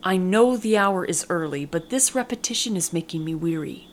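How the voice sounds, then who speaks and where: A woman's voice: on the low side, animated, moderate pace, slight background noise, close to an everyday voice. A woman reading the lines of a smug, showy male pirate captain with mocking, theatrical courtesy.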